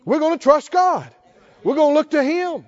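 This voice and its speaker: Guy preaching, really high voice, slow emphatic delivery, kinda muffled lo-fi recording. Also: very animated. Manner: preaching, slow and emphatic, rising to fervent calls. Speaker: pastor. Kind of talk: sermon.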